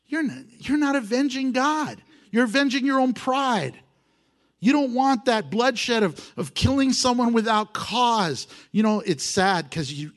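A man preaching a sermon, exhorting his listeners with animated emphasis and chuckles. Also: sits high.

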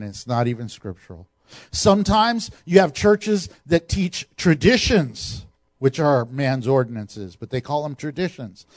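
A middle-aged man preaching a sermon, animated, with laughs and asides to the congregation. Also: high voice, no echo, studio quality. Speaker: pastor.

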